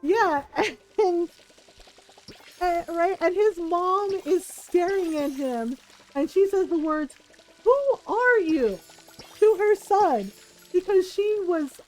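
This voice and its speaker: A woman streamer telling a story in casual chat, animated, often checking in with "right?" and laughing between lines. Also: very high voice, slow, faint music behind, rough recording. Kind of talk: casual storytelling while gaming.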